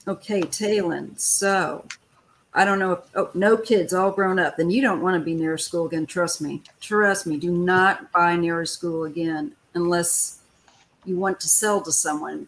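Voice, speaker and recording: This tarot reader hosts a live stream, chatting in a relaxed way and giving forceful advice between grumbling asides. She speaks in a lowish, fairly even tone at a moderate pace, over slight background noise on a rough recording.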